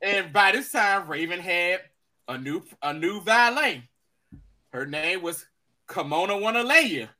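A man co-hosts a casual podcast chat, his voice sitting high and sounding bright. He tells a long story with energy and acts out each quote in raised, put-on voices. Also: animated, a little slow. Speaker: podcast co-host.

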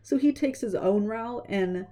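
A young woman casually retelling a story, chatty and animated, slipping into quick voices for the characters. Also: on the high side.

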